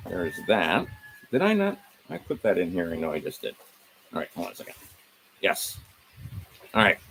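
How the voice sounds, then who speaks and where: A man's voice: deep voice, huge pitch swings, moderate pace, a bit bright, slight background noise, poor audio. Man rattling off legal citations. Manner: rambling, self-correcting, rattles off legal citations. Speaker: video host. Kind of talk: casual screen-share walkthrough.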